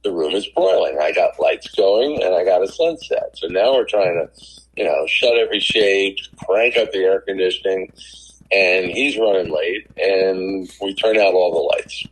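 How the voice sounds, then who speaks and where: Deep-voiced middle-aged man telling stories. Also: normal speed, slightly rough, rough recording. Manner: animated anecdotes with acted quotes. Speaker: podcast guest, TV producer. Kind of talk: casual storytelling in a podcast interview.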